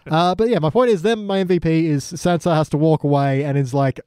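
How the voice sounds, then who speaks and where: A man co-hosting a podcast, casually recapping scenes and slipping into quick character impressions. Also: fairly high pitch, darkish tone, clean tone, dry recording, studio quality. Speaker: podcast co-host.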